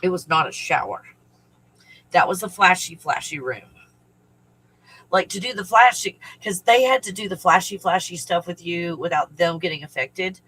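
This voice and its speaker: A man's voice: sits high, lively intonation, moderate pace, pushed and bright, husky, rough recording. A man talking straight to his audience in a rambling personal monologue, full of fillers and restarts. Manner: rambling with fillers, breaking into tearful laughter. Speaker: video host recounting memories.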